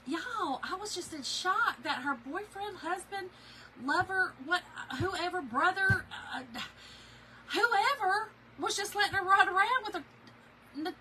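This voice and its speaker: Chatty woman, bright voice. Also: very high-pitched, lively intonation, takes it slowly, pauses often, a little hiss or hum, rough recording. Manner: chatty, laughing, addresses viewers as y'all. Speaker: craft video host. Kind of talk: casual storytelling while crafting.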